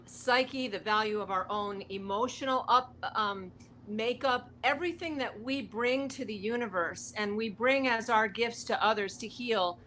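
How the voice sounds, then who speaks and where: Bright, passionate woman guest. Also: a little high, a little hiss or hum. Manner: passionate, heartfelt. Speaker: guest, wellness speaker. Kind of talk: earnest motivational talk.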